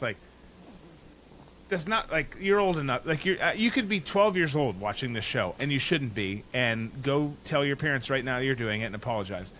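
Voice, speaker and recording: Male podcast co-host, bright edgy tone, halting delivery, faint noise behind. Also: mid-range voice, expressive. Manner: cautious, hesitant, stammering restarts. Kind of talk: casual political chat.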